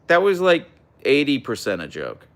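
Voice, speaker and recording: A young man hosting a casual livestream, chatting and reading out viewer comments in a relaxed way. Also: mid-range voice, normal speed. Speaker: livestream host reading chat. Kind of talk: casual live chat.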